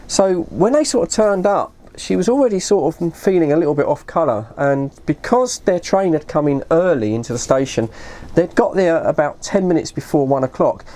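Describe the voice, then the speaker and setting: A woman's voice: deep voice, animated, moderate pace, dark tone. A woman telling a long story in a casual, rambling way, often correcting herself and saying "you know". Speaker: vlogger.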